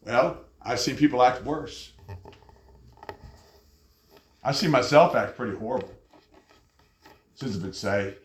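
A man preaching a sermon with an animated delivery, often jumping high in pitch as he acts out angry people. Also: moderate pace. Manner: animated, jumps to high pitch when mocking others. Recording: echoey room.

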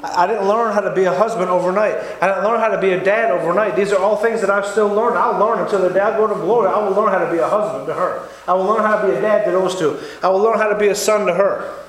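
A man's voice: sits high, steady tone, fast. A man giving an earnest, repetitive testimony sermon in a church. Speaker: lay preacher giving testimony. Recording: echoey church room, faint noise.

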